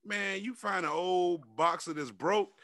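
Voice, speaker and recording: A man's voice: high voice, unhurried, bright, forceful tone. A man co-hosting a casual chat show, talking animatedly and profanely, acting out quotes in a raised voice. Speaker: podcast co-host.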